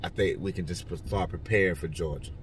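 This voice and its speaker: A man joking his way through football picks, his voice jumping up high and loud, then dropping low and quiet. He sits a little back from the mic in a car, with faint road noise behind him. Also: fairly quick, recorded from a distance. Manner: rambling, joking, lively swings in pitch and loudness. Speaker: vlogger giving football picks. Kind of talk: casual picks monologue.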